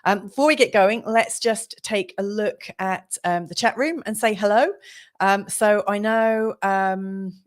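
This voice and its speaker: A woman's voice: mid-range voice, measured pace. A middle-aged woman hosting a live astrology show, chatting casually with many ums and apologies. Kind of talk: casual livestream chat.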